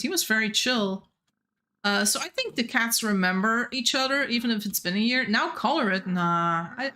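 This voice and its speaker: A woman's voice: fairly high pitch, pushed and bright. A young woman streaming a game, rambling in casual chat and laughing often. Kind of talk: casual chat while gaming.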